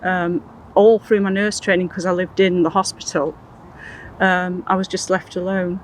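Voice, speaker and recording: Older woman, earnest, halting, interview guest, faint background hiss. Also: lowish voice, little pitch movement, poor audio. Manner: earnest, halting, many restarts. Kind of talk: recounting personal experiences in an interview.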